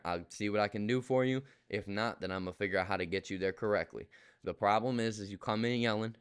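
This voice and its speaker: A young man rants casually to his viewers about rude customers. His voice sits low and sounds smooth and clear. He repeats himself with exasperated emphasis, yet stays reassuring. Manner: exasperated, repetitive, reassuring, colloquial. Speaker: customer service rep vlogger. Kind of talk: casual ranting monologue to camera.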